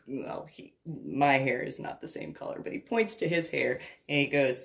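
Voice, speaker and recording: A woman's voice: sits low, lively intonation, normal speed, gravelly, hardly any pauses. A woman and army veteran telling a story in a casual way, laughing often and acting out every voice.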